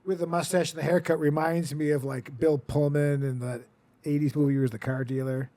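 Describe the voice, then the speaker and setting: A man's voice: fairly high pitch, little pitch movement, fairly quick, warm tone. A man hosting a comedy podcast, riffing through casual banter with sarcastic jokes. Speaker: podcast host.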